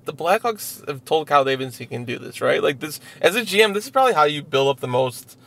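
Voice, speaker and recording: A man co-hosting a casual sports podcast, talking haltingly with many stammered restarts, from a parked vehicle outside an arena. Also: fairly high pitch, lively intonation, vocal fry, a bit bright. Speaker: podcast co-host.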